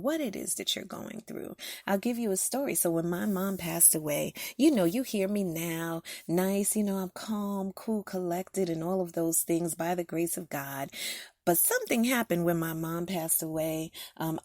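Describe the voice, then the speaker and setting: A woman's voice: fairly low pitch, gravelly, a little mellow, dry recording, studio quality. A middle-aged woman hosting a faith podcast, speaking candidly and personally in a casual monologue with frequent fillers. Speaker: podcast host giving encouragement.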